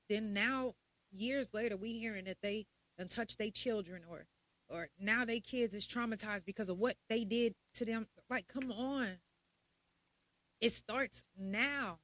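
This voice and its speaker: A young adult woman, hosting a podcast in a blunt, profane, animated casual monologue. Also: medium pitch, no room sound. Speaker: podcast host.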